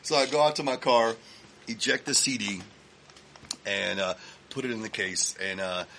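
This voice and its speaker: A man's voice: lowish voice, normal speed, slight background noise. A man from Texas, a podcast guest in a recording studio, telling long stories in a casual, profane way full of fillers and restarts. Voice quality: profane, animated storyteller with lots of fillers. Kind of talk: casual storytelling chat.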